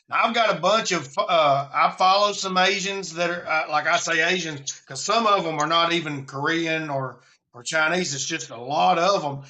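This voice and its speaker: A man's voice: on the high side, sharp tone. A man from Alabama with a Southern accent, hosting a casual live stream about preparedness in a folksy, rambling way.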